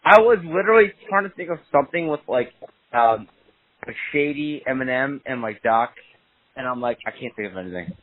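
A man chatting casually about fantasy football, an excitable storyteller who swears a lot and acts out quotes. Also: mid-range voice, normal speed. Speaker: podcast co-host. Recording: dry, tinny phone-line sound.

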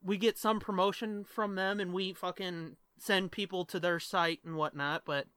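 A man hosts a podcast with loose, profane chatter and frequent laughs. His voice is bright and forceful. The sound is close and dry. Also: high-pitched, fairly even intonation, normal speed, clean tone, dry recording. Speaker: podcast host. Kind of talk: casual podcast chat.

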